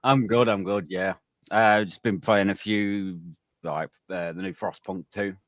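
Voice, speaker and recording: Brief: man, lowish voice, dry close mic, laid-back and joking. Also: steady tone, unhurried, a bit bright, no echo. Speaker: podcast guest. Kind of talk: casual chat.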